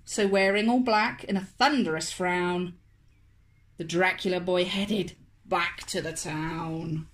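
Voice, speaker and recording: A woman, a children's author, reading a picture book aloud to toddlers in a slow, expressive, sing-song way. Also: lowish voice. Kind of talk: storybook read-aloud for toddlers.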